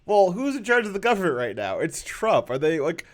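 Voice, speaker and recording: A man's voice: high-pitched, big pitch swings, brisk. A man hosting a casual political talk show, rambling with many fillers and a sarcastic edge. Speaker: show host.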